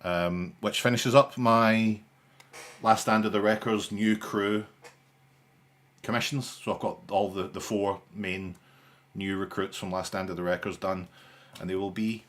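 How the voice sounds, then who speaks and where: Man, lowish voice, sarcastic, rambling, casual live stream chat. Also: steady tone, a little slow, fairly bright tone. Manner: dry, sarcastic humour; rambling, with frequent restarts and fillers.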